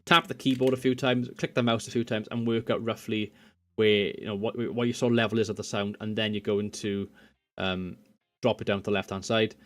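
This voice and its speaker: A man's voice: fairly low pitch, steady tone, fairly quick, a bit bright. A man casually walking through audio settings in a screen-recorded tutorial at his home computer desk, rambling and correcting himself as he goes, into a USB condenser microphone. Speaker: tech tutorial host.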